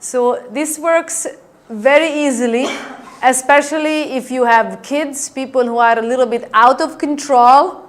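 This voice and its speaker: A woman NLP trainer lectures a class in a slightly high voice. She demonstrates each point by acting out changes in tone, and she keeps checking in with her listeners. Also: measured pace. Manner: demonstrative, acts out tone changes and asks the class "right?".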